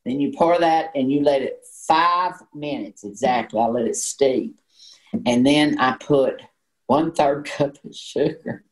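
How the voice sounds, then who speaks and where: A woman's voice: rumbling low, unhurried, rough recording. A woman in her sixties with a Southern American accent, a guest telling folksy stories in casual chat. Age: 60s. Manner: folksy storyteller, says honey. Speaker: guest, actress and singer.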